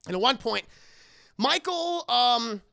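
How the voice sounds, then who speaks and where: Streamer narrator, bright gravelly voice, profane, laughs a lot. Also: mid-range voice, takes it slowly. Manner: profane, animated, laughs often. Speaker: streamer recapping a film. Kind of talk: casual storytelling to chat.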